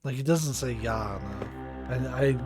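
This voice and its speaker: A man's voice: sits high, lively intonation, moderate pace, over music. A man giving live commentary on his game, self-deprecating and rambling, often laughing at himself. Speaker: game streamer.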